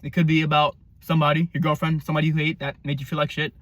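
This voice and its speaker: A man giving a casual album review, rambling and excitable, with lots of fillers and the odd swear. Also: fairly high pitch, very fast, dry recording. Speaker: music reviewer.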